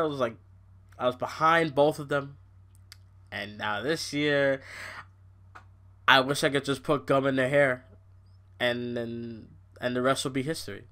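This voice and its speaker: A young man hosting a casual wrestling podcast, ranting in an exasperated, animated way with frequent swearing. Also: mid-range voice, unhurried, pauses often. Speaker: podcast host.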